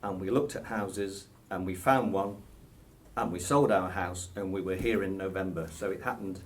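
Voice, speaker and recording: A man's voice: deep voice, fairly even intonation, normal speed, slight background noise. A British man in his sixties with a British accent, answering interview questions in a hesitant, chuckling way full of ums. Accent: British English. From Britain. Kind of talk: casual interview.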